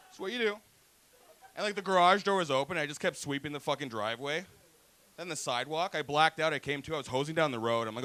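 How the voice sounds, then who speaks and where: A man's voice: on the high side, fast, pushed and bright, slight background noise. Profane man doing stand-up. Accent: Toronto English. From Toronto, Canada. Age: 30s. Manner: profane, laughing, acts out voices. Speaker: stand-up comedian. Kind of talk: stand-up comedy set. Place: comedy club stage.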